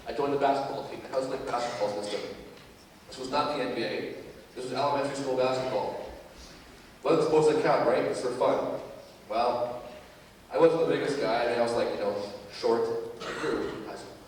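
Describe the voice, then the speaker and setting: A man's voice: mid-range voice, distant mic, a little hiss or hum. Man speaking in an echoey gym. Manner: animated storytelling that addresses the crowd directly. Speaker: motivational speaker at a school assembly. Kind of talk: speech to a student audience. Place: large school gymnasium.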